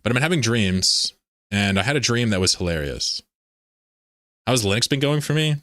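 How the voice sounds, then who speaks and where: A man's voice: mid-range voice, animated, moderate pace, a bit bright, no echo, studio quality. A man hosting a casual livestream, rambling, laughing often and reading chat messages aloud. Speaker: livestream host.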